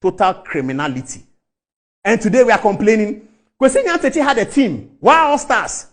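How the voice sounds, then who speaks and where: Fiery, high-pitched Ghanaian man. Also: very animated, moderate pace. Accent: Ghanaian English. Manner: emphatic, scornful, repeats key words. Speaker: TV commentator. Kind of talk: impassioned commentary.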